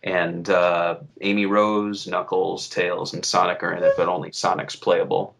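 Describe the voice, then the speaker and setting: A man's voice: sits low, monotone, unhurried, vocal fry, fairly bright tone. A man co-hosting a podcast, chatting casually and rambling with fillers. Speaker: podcast co-host. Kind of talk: casual chat.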